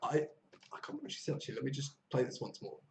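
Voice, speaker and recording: A man's voice: mid-range voice, huge pitch swings, creaky, a little mellow. Southern English man teaching English. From southern England. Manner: explains phrases by repeating them slowly, mixes in Korean. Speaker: English teacher hosting a live lesson. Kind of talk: live online English lesson. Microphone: video call. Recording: echoey room with faint noise.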